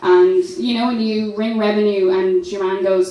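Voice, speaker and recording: A woman's voice: medium pitch, steady tone, moderate pace, dark tone, highs cut off. A young Irish woman doing a stand-up comedy set, brash and sweary, often laughing at her own jokes. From Ireland. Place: comedy club stage. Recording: roomy club sound from far off.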